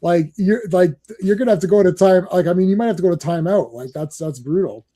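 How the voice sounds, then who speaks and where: A man co-hosts a relaxed comic book discussion in a mellow, slightly high voice. He rambles, restarts his sentences and breaks into laughter often. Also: fast talker. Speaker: podcast co-host. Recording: livestream call.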